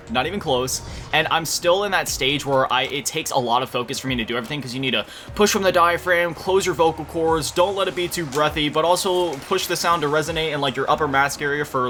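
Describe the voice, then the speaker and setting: Speaking fairly high and fast with hardly any pauses, this young gaming commentator from Florida rambles casually through his play and curses occasionally. Loud music sits under his voice, along with game music, gunfire, and slight background noise.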